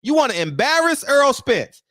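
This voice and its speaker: A man's voice: very high voice, very animated, normal speed, fairly bright tone, no room sound, studio quality. A man hosting a commentary show, ranting heatedly and firing off rhetorical questions. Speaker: boxing commentary host.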